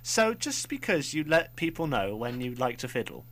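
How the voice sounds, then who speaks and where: Young male radio co-host, jokey and rambling, plain middle pitch. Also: sing-song, normal speed, a bit bright. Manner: jokey, rambling, self-mocking. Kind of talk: casual student radio banter. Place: radio studio.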